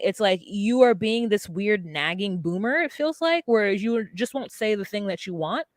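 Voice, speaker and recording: A woman's voice: mid-range voice, dry recording. Dry-sounding woman recapping with gusto. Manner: animated, acts out quoted lines. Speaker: podcast co-host. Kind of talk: casual reality-TV recap chat.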